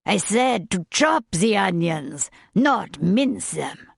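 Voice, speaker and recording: A woman voicing a forceful, exacting male chef with a French accent, slow and brisk in turn. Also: mid-range voice, very animated, gravelly, breathy edge, no room sound, studio quality, full character voice. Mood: impatient, commanding. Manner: brisk, commanding.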